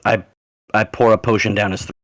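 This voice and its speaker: A man taking part in a tabletop game, talking loudly and with energy. The close mic gives a dry sound. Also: on the low side, flat delivery, brisk, no room sound. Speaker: player. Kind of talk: in-character tabletop play.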